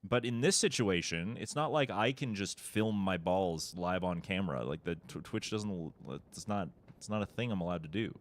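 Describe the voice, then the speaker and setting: A man's voice: deep voice, moderate pace, hardly any pauses, slight background noise. A man streaming a speedrun, chatting casually with his viewers, laughing often and swearing freely. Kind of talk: casual live-stream chat while gaming.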